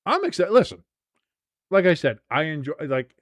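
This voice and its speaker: A man in his forties chats through a game at a live watch-along, crude and rambling, and laughs at his own jokes. His voice sits a bit high for a man and sounds close and dry with no room echo. He talks like it's a loose hangout. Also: wildly swooping pitch, moderate pace. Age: 40s. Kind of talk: casual live sports watch-along chat.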